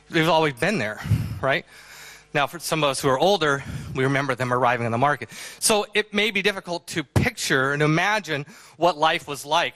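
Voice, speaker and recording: A middle-aged man giving a convention talk, telling a story in an animated way and acting out the quotes with laughter. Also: fairly high pitch, no room sound. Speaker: convention speaker. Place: auditorium stage.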